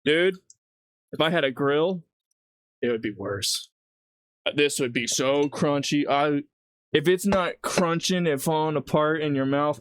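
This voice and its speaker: A man's voice: on the high side, a little slow, pauses often, slight background noise. A man livestreaming while he cooks at home, rambling casually and laughing at his own jokes. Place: home kitchen.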